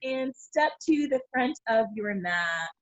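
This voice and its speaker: A woman's voice: fairly high pitch, animated, slow, no room sound, faint music behind. Cheerful woman teaching kids yoga over a video call, dry close sound. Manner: upbeat, encouraging, laughs often. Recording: dull lo-fi video call audio.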